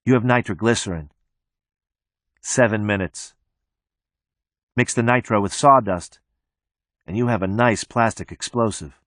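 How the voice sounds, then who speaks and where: A man narrating an audiobook in the first person, with a flat, detached delivery. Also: fairly low pitch, dry recording, clean studio sound.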